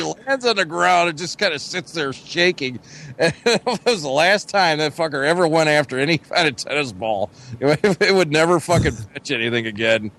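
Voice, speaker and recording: A man's voice: fairly high pitch, creaky, fairly bright tone, a little hiss or hum. Casting: middle-aged guy, gabby swearing podcast co-host, loose storyteller. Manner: profane storytelling, lots of "you know". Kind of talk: casual chat.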